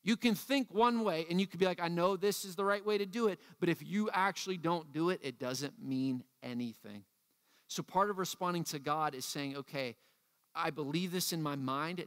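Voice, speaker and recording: A man preaching a youth sermon as pastor, energetic and acting out the voices he quotes. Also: a little high, big-room sound.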